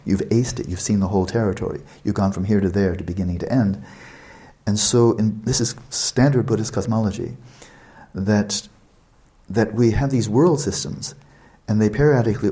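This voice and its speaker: Low mellow-voiced man teaching meditation. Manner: expansive, explanatory, repeats words for emphasis; conversational asides to listeners. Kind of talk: retreat dharma talk.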